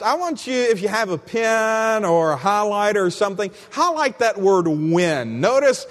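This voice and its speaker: A male pastor with a high voice delivers a sermon, pressing his points through repetition and addressing the congregation as friend. His voice rings with the long reverb of a large church hall. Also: expressive, normal speed, few pauses. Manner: emphatic, repeats key phrases, calls listeners friend.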